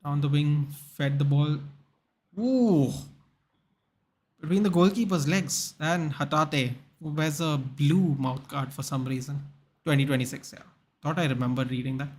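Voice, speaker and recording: A man's voice: fairly high pitch, a little slow. A young man hosting a live football watchalong stream, chatting casually, answering viewers in the chat and reading out names and match stats.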